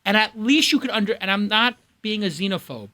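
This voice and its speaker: A man with a Brooklyn accent hosting a studio panel, opinionated and animated. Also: sits high, fairly quick. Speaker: host. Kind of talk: panel discussion.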